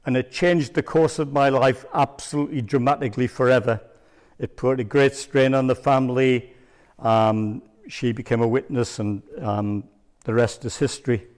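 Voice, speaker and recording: An older man giving a church testimony as a rambling, hesitant storyteller with many pauses and ums. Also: mid-range voice, fairly even intonation, darkish tone. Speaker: church speaker. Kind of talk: sermon testimony.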